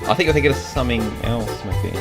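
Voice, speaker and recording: A man's voice: medium pitch, lively intonation, fast, gravelly, over music. A British man hosting a podcast, chatting casually and rambling through slang explanations with plenty of fillers. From United Kingdom. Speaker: podcast host. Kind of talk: casual chat.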